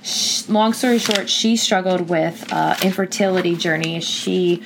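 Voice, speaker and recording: A woman's voice: fairly low pitch, unhurried, vocal fry, noisy background. A young woman, pregnant, talking casually and earnestly as a podcast host, with lots of filler words. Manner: chatty, earnest, many fillers. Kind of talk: casual personal talk.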